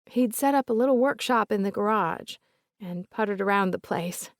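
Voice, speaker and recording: Woman reading a soft-spoken older Southern lady. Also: medium pitch, normal speed, dry recording, clean studio sound, pitched above the performer's own voice, natural voice. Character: older Southern woman, polite, remorseful about her late father.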